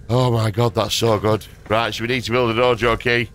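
This gaming creator, a young man at his home desk, rambles and curses casually while poking fun at himself during gameplay. Through a dynamic mic, his lowish, level, slightly bright voice runs a little fast with few pauses, and there's a touch of hiss or hum.

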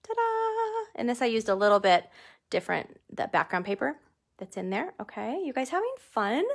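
A woman's voice: medium pitch, animated, a little fast, gravelly. A woman leading a live stamping craft tutorial from her home craft room. She talks in a chatty way, jokes about herself and laughs often. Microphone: desk camera under studio lights.

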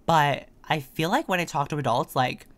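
A man's voice: fairly high pitch, moderate pace, fairly bright tone. A teenage boy chatting in a sassy, gushing way, heavy on filler words, as a casual voice-over for his own video. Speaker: gaming video creator. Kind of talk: casual voice-over chat over gameplay. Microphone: desk condenser microphone.

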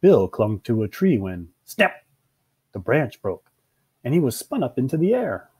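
A man reads a children's picture book aloud, his voice rising and falling in a lively sing-song. His tone is warm and mellow with a slight husky grain, and he gives each line an expressive storytelling lilt. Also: medium pitch, moderate pace. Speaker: storybook reader.

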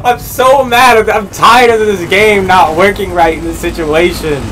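A man's voice: high-pitched, fairly even intonation, normal speed. A young man giving live gameplay commentary, full of profane, exasperated trash talk. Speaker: gaming video creator.

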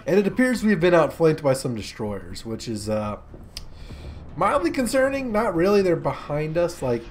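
A man's voice: a little high, very animated, normal speed, a little hiss or hum. A young man giving casual, rambling gameplay commentary with sarcastic jokes and asides. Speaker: gaming commentator.

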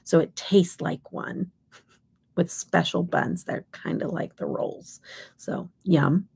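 Middle-aged woman from Kansas, makeup livestream host; low, husky, unhurried, rambling chat with whispered asides. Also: fairly even intonation, darkish tone. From Kansas, USA. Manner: chatty, rambling, drops into whispers. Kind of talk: casual live chat while swatching.

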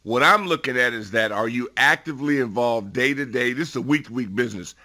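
A middle-aged man giving football analysis as a radio guest, emphatic and building to loud bursts on his points. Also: medium pitch, brisk. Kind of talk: sports radio talk.

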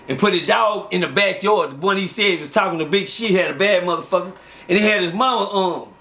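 A man telling street stories in a casual, animated way, loudly acting out the voices of the people in them. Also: high-pitched. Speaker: storyteller. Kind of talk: casual storytelling.

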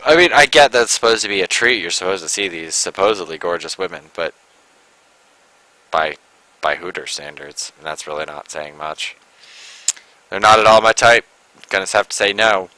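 Man, very deep voice, bright tone, casual let's-play commentary, rambling, sarcastic. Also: expressive, normal speed, pauses often, no room sound, rough recording. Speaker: gameplay commentator.

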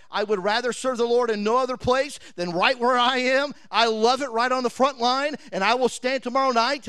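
A man preaching a sermon as a pastor in a revival tent, telling a war story with dramatic swings from a shout down to a hush. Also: very high voice, smooth, no echo.

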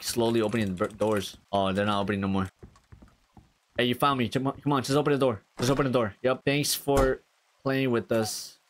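Profane man yelling through a horror game. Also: medium pitch. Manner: profane, loud outbursts, talks to game characters. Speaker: gaming streamer. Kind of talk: let's-play commentary.

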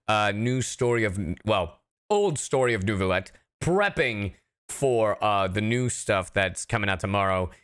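A man chats casually with his stream audience from a home setup, reacting and joking as he goes. His pitch swings lively up and down, and his tone is bright and forceful. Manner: animated, chatty, talks to chat and laughs often. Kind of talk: casual livestream chat.

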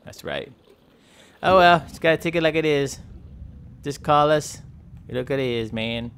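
A man with a fairly high, slightly bright, smooth voice speaks at a measured pace while role-playing a sulky young male sperm whale. In this playful game commentary, the whale mutters, mopes and pities itself, complaining about being teased.

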